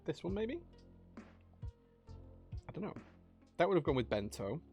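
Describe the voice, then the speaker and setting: A man's voice: on the high side, very animated, measured pace, vocal fry, a little mellow, faint music behind. A man streaming live, chatting casually while he builds a keyboard, thinking aloud and answering chat.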